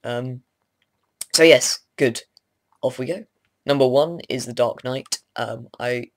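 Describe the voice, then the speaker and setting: A man's voice: mid-range voice, fairly even intonation, unhurried, no room sound. A young man, just woken up and groggy, rambling casually to camera with lots of hesitant ums and self-deprecating asides. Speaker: vlogger.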